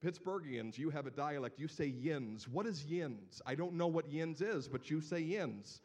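Animated Northeast Ohio pastor preaching. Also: male voice, a little high, normal speed. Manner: animated, building to loud emphatic proclamations. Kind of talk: sermon.

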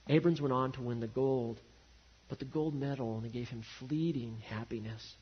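A man preaching a sermon, swinging from loud emphasis to hushed, quiet lines. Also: medium pitch, normal speed, slightly rough, highs cut off. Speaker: pastor.

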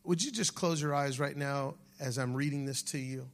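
A man's voice: medium pitch, moderate pace. A man preaching a sermon as pastor, calling out to the congregation and dropping at times to a near-whisper. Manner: animated preaching, shifting from shouts to near-whispers.

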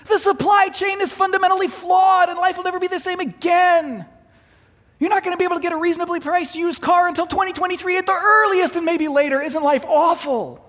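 A man voicing a frantic male news announcer who shouts alarm in a shrill voice, recorded in an echoey hall. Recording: echoey hall, dull lo-fi sound.

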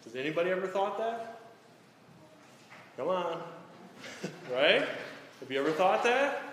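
Male preacher, slightly high voice, echoey church hall, faint hiss. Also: very animated, slow, fairly bright tone. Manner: frequent "right?" tag questions to the congregation. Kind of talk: sermon. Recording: echoey hall, some background noise.

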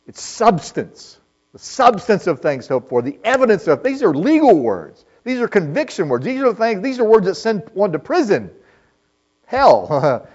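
A man preaching an earnest, conversational sermon to a church service. His voice sits a little high and swoops lively up and down as he asks his listeners questions. The recording sounds dull and lo-fi. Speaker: pastor.

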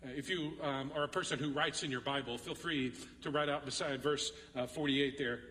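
Earnest Texan pastor in an echoey hall. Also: male voice, medium pitch, fairly even intonation, fairly quick, pushed and bright, far from the mic. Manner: earnest, repeats "listen" and key phrases for emphasis. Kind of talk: sermon. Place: church sanctuary.

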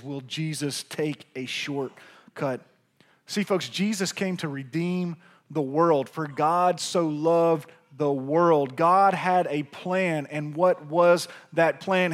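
Man, pastor, high voice, energetic sermon, addresses the congregation. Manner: energetic, talks to the congregation directly.

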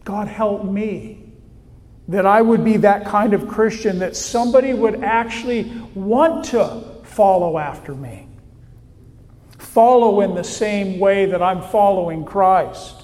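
A male pastor delivers a sermon from a church sanctuary, his voice sitting high for a man. He speaks slowly and deliberately, pausing on each word for emphasis. A long reverb from the hall trails after his phrases. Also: darkish tone. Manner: slow, deliberate preaching with emphatic pauses.

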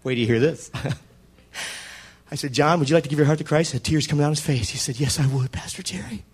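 A man's voice: fairly high pitch, fairly quick, breathy edge. A middle-aged male pastor preaching a story-driven sermon, acting out the dialogue in changing voices. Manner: animated, acts out dialogue with shifting voices.

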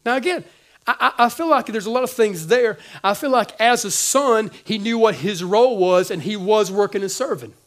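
A male pastor preaching a sermon in casual slang, swinging between loud and hushed. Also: high voice, moderate pace.

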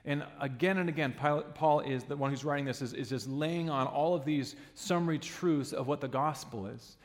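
Earnest preacher in a reverberant hall. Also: male voice, fairly high pitch, normal speed. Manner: earnest and emphatic, with occasional restarts. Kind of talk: sermon.

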